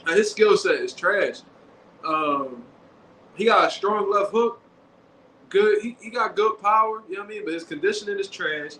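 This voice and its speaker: A man riffing through casual commentary in quick slang and animated bursts. His voice sits high and bright. It rings in an echoey room with a faint hiss behind it. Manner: animated, slangy, acts out quotes. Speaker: boxing show host.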